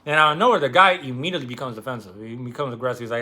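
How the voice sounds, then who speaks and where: A man casually retelling a novel on his vlog, loose and animated, with lots of fillers and swearing. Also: medium pitch, very fast. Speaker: book vlogger.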